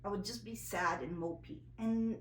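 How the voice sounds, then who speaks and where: A woman's voice: mid-range voice, moderate pace, echoey room, far from the mic, a little hiss or hum, low-quality recording. A woman vlogger telling a personal story in a candid, emotional way, a little nervous, full of fillers and restarts.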